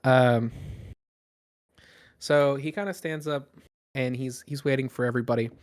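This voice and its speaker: A man's voice: medium pitch, fairly even intonation, unhurried. A man narrating as game master in a casual, rambling way with many fillers.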